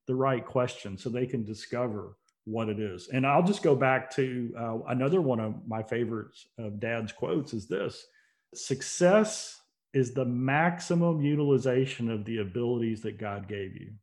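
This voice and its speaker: A man's voice: medium pitch, animated, a little slow. A man speaking as an interview guest, telling stories earnestly and building to emphatic points. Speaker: interview guest, motivational speaker and company CEO. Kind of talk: casual conversational interview.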